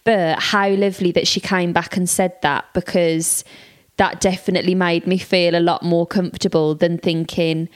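Woman, host, casual chat, measured, lower pitch. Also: flat delivery.

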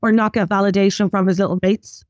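A young woman co-hosting a casual pop culture podcast, playful and expressive with jokey asides. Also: mid-range voice, quick pace, no echo. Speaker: podcast co-host.

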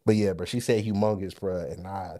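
A man co-hosting a podcast, telling a story in casual chat, animated and profane, often laughing as he goes. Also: low voice, a little fast, dry recording, clean studio sound. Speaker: podcast co-host.

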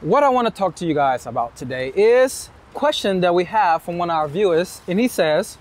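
High-voiced man coaching on a street. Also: brisk, hardly any pauses. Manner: energetic, direct, casual, with swearing. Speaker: dating coach and show host. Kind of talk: advice monologue to camera. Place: outdoors on a city street at night. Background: street noise, passing vehicles, distant shouting.

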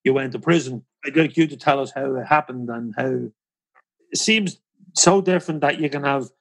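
Gravelly man hosting. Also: medium pitch. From Northern Ireland. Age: 50s. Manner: halting, repeats words. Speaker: podcast host. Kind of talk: interviewing.

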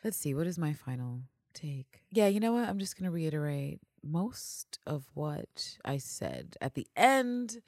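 A woman co-hosting a casual fan podcast, animated, laughing often and swearing freely. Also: deep voice, unhurried, hardly any pauses, no room sound, clean studio sound. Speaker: podcast co-host.

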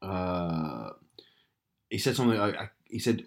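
A young man talks through an anecdote in easy, casual chat. His voice sits fairly low, and he laughs often as he tells it with dry, wry humour. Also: animated, normal speed, darkish tone. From Northern Ireland.

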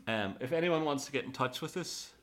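A man's voice: medium pitch, animated, fairly quick, fairly bright tone. An Irish man hosting a podcast chat, joking and laughing along as he leads each segment. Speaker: podcast host. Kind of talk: casual panel chat.

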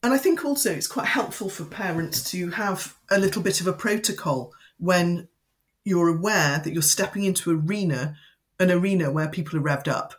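Calm, instructive woman educator. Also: fairly low pitch, normal speed. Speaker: educator guest. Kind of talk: interview explanation.

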